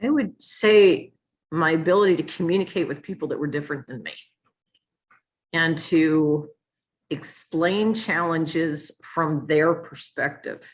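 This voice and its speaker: Frank older woman telling army stories. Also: deep voice. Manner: lively, frank storyteller acting out quoted exchanges. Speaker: retired army nurse general, guest speaker. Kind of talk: candid storytelling in a virtual talk. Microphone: video call.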